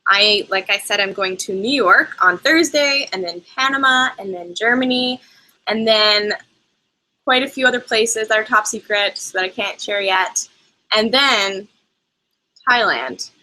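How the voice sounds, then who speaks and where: A young woman hosts a live chat, answering viewers' travel questions. She talks in a loose, rambling way, full of side remarks. Her voice is bright and forward. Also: mid-range voice, measured pace, a little hiss or hum, rough recording. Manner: chatty, rambling with asides. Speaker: travel show host.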